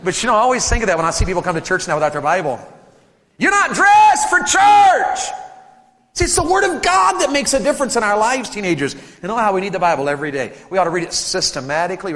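Animated man preaching in a hall. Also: fairly high pitch. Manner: animated storyteller, acts out voices and jokes with the crowd. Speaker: preacher at a youth camp. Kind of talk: sermon.

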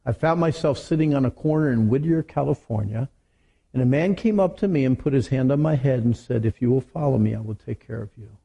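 A middle-aged man preaching a sermon to teenagers, telling stories in an animated way. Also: medium pitch, fairly quick, gravelly, breathy edge, muffled recording. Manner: animated storytelling with acted quotes. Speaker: youth preacher.

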